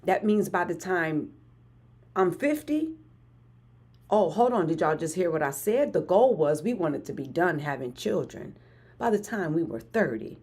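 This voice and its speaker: Husky-voiced woman in her forties, hyped. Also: on the low side, unhurried. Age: 40s. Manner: energetic, repeats phrases for emphasis. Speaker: motivational livestream host. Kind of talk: hyped motivational live stream talk.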